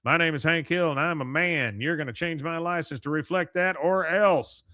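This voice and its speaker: A man's voice: a little high, moderate pace, bright, forceful tone, no echo, clean studio sound, voice pushed up. A man voicing a stubborn, plain-spoken middle-aged man who gives firm, clipped ultimatums. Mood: fed up.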